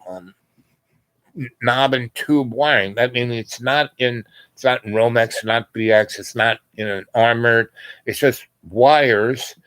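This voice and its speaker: A man's voice: mid-range voice, a bit bright, no echo, low-quality recording. A middle-aged man from the United States telling a rambling, casual anecdote and acting out the voices of the people in it. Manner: rambling, acts out quoted voices. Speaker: storyteller.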